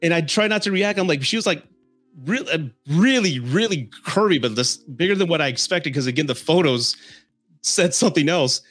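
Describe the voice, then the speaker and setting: A man's voice: a little high, expressive, a little fast, fairly bright tone, no room sound, faint music behind. A man from San Antonio hosting a podcast, telling dating stories and giving advice in a casual way, chuckling often as he talks. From San Antonio, Texas, US. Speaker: podcast host.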